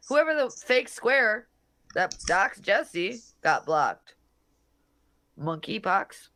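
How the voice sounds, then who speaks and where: A woman's voice: mid-range voice, sing-song, extremely slow, long pauses, a bit bright, dry recording. A woman hosting a casual livestream, reading comments and mocking people in a brash, profane way. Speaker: livestream host.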